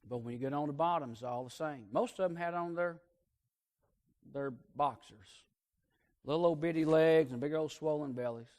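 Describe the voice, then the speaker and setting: A man preaching a sermon as pastor, telling folksy stories and swinging between loud emphatic peaks and hushed asides. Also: fairly high pitch, moderate pace, pauses often.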